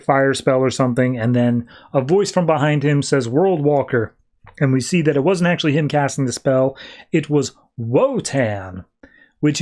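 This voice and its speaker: A man's voice: mid-range voice, darkish tone. A man hosting a podcast, casually recapping a comic with loose, filler-heavy paraphrase. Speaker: podcast host.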